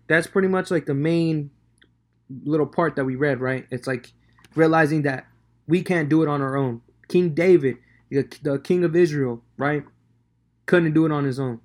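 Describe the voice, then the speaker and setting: A man giving a casual devotional talk on scripture, slangy and conversational with many fillers. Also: on the high side. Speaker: devotional speaker.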